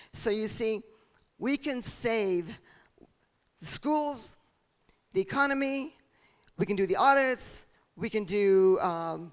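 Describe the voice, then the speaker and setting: A woman candidate giving an earnest, preaching campaign speech with rhetorical questions. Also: medium pitch. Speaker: political candidate. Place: church hall.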